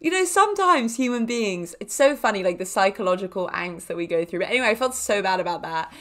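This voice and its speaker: A young woman hosting a podcast, telling casual stories in a chatty, animated way with frequent laughs and fillers. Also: mid-range voice, fast talker. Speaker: podcast host. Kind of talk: casual storytelling monologue.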